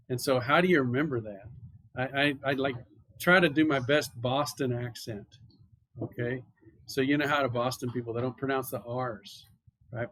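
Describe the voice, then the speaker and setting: Male chemistry lecturer, mid-pitched voice, conversational step-by-step explaining, dry sound. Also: fairly bright tone, dry recording. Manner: explanatory and conversational, talks students through steps. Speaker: chemistry instructor. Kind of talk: classroom lecture. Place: university classroom.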